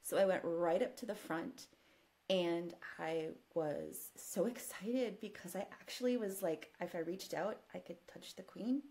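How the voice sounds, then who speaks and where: A woman guest telling an animated personal story in casual conversation, often breaking into laughter. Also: fairly low pitch, measured pace. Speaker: podcast guest.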